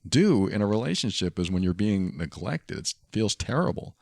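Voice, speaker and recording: A deep, gravelly male voice carries this solo podcast monologue. He speaks earnestly and reflectively, circling back to the same phrases as he works through his point. The sound is dry and close, with no room around it. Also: very animated, normal speed, a little mellow, dry recording. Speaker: podcast host.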